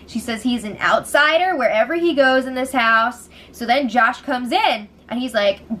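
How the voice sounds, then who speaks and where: A woman's voice: a little high, normal speed, few pauses, a little hiss or hum. Giggly woman recapping reality TV. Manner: chatty, giggly, animated retelling with quoted voices. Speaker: show recap host. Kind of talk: casual spoiler recap.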